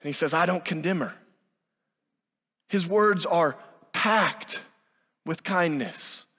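Slow and emphatic, a high-voiced pastor delivers his sermon in a sharp, husky tone, performing the lines of those he quotes. His words echo with a long reverb, like speech in a large hall.

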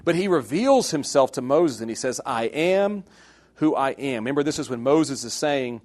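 In a mid-range voice at normal speed, a man teaches a Bible class in sermon style. He's animated and jokey, swinging between loud, emphatic bursts and hushed asides.

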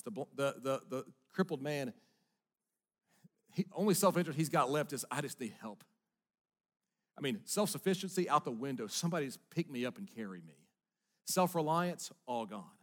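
A middle-aged man preaching a sermon in an earnest voice, moving between hushed, quiet lines and emphatic ones. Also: fairly high pitch. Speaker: pastor.

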